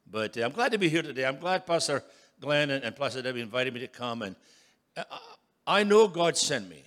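A man in his sixties preaching as a guest speaker, emphatic and building to loud calls for an amen. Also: mid-range voice, big pitch swings, brisk. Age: 60s. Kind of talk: sermon.

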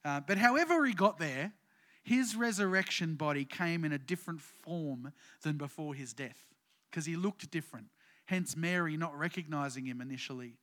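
A man's voice: fairly high pitch, normal speed, bright, forceful tone. A man, preaching a sermon as pastor in a conversational way with many fillers, building to emphatic points.

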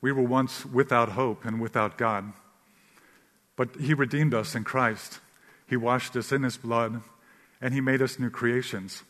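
Guy preaching a sermon, calm and earnest, big echoey hall sound. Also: mid-range voice. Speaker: pastor. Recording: long reverb of a large hall.

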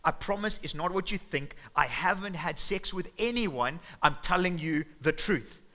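An earnest young woman pleading to be heard, as a male preacher acts her out. She speaks in a bright, slightly raised voice. Her tone stays urgent and sincere. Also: sits high, lively intonation, normal speed, voice pushed up.

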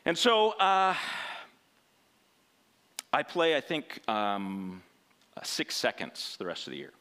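A man's voice: medium pitch, wildly swooping pitch, slow, pushed and bright. A man preaching through a rambling personal story in a conversational sermon style, often checking in with "right?".

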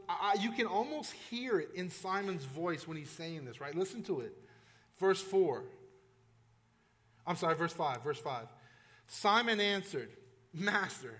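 A man's voice: high-pitched, fairly bright tone. A male pastor preaching a sermon in a conversational, emphatic way, with frequent restarts and asides to the congregation.

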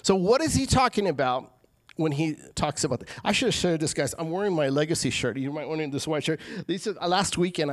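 A male pastor giving a sermon in a conversational way, with quick asides and acted-out quotes. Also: on the high side, no echo.

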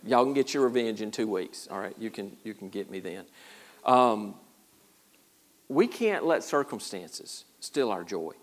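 A man's voice: on the low side, lively intonation, measured pace. A man preaching a sermon as pastor, in a folksy, self-deprecating way with a lot of repeated words. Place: church.

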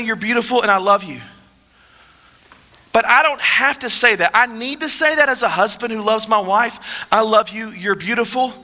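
A man's voice: very high voice, pushed and bright. A man, preaching a sermon in a casual, joking way and asking the audience rhetorical questions. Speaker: pastor. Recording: long hall reverb.

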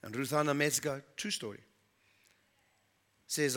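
A man's voice: mid-range voice, normal speed, a bit bright. Earnest man preaching a sermon. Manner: earnest storytelling, repeats for emphasis.

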